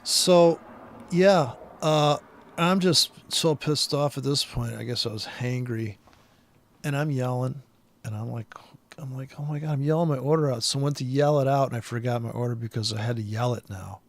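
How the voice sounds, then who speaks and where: A man's voice: mid-range voice, normal speed. A man in a rambling, profane vlog rant, angry and restless, full of fillers. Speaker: vlogger.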